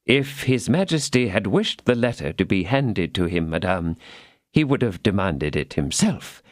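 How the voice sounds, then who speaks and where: A stern, unbending royal chancellor, read by a male narrator, measured and coldly courteous. He speaks slowly with dry, close storybook sound. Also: low-pitched, big pitch swings, dry recording. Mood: firm. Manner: firm, slow, formal and courteous.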